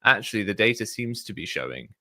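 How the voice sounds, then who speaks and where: A man hosting a casual discussion, talking in a thoughtful, measured way with frequent fillers. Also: fairly low pitch, big pitch swings, gravelly, bright, forceful tone, no echo, clean studio sound. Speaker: podcast host.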